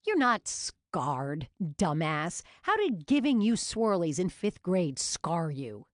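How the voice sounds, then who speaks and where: A woman's voice: on the low side, sing-song, takes it slowly, no echo, clean studio sound. A woman voicing a teasing young prankster cook in an audiobook, gleeful and mocking.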